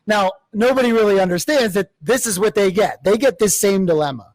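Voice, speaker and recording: A man hosting an interview show who reasons aloud in a quick, conversational way, with restarts along the way. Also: sits high, no echo. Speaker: podcast host.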